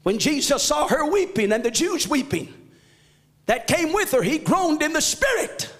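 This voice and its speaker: High-pitched shouting preacher man. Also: big pitch swings, moderate pace, long reverb tail. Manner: fervent preaching, often shouting. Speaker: pastor. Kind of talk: sermon. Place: church sanctuary.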